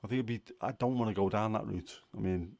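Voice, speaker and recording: A man with a lilting, fairly low, creaky voice hosts a relaxed livestream, chatting casually. He wanders off on tangents, states his opinions openly, and often pauses on "um." The recording is close and dry, with no room echo.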